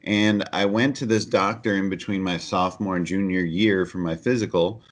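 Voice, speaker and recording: A middle-aged man with a very low, deep voice speaks as a podcast guest. He tells his story earnestly and candidly, filling his speech with "uh" and restarts. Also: fairly even intonation, moderate pace. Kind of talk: conversational storytelling.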